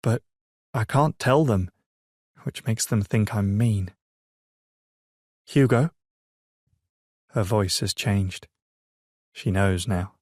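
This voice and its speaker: A man narrating a romance audiobook in first person, measured and emotive, on a close mic. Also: lowish voice, a little mellow, no echo.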